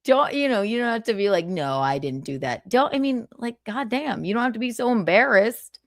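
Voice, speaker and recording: A woman's voice: a little high, brisk, no room sound, clean studio sound. A woman hosting a livestream, arguing heatedly with a guest in a sarcastic, mocking, combative way. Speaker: livestream host.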